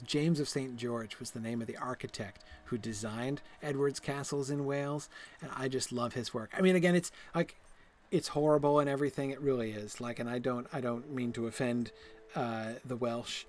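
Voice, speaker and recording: While gaming, a host with a steady, mid-range voice delivers a casual, rambling lecture at normal speed. He wanders off on tangents with many fillers and restarts, staying enthusiastic and chuckling at himself.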